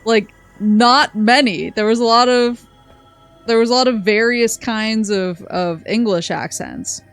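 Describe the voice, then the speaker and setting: A woman's voice: fairly high pitch, a little slow, smooth, soft background music. A young woman streaming a game, rambling casually and reading game text aloud, laughing often. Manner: rambling, animated, laughs a lot. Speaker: vtuber streamer. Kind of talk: casual gameplay chat.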